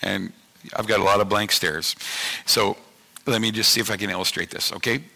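A man's voice: on the low side, fairly even intonation, fairly quick, creaky, pushed and bright. A man in his fifties preaching a sermon in a conversational way, often repeating himself and checking in with his listeners. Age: 50s. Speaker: pastor.

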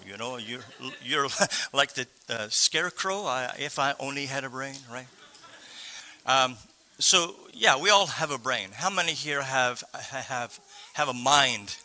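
A man, slightly sore-voiced, preaching as a guest speaker in halting speech with many pauses and restarts. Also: medium pitch, bright, forceful tone, slight background noise. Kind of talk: sermon.

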